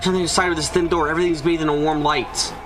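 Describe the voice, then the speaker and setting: A man's voice: fairly high pitch, level tone, quick pace. A man reading a visual novel aloud on a let's play stream, giving the narration and the heroine's lines in his own voice. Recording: music playing behind.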